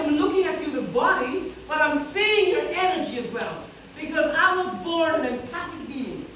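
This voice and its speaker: A woman's voice: sits high, slight background noise. A woman giving a motivational keynote to teachers, sassy and preacher-like, calling out to her audience in a school hall. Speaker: keynote speaker. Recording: very echoey hall recorded from a distance.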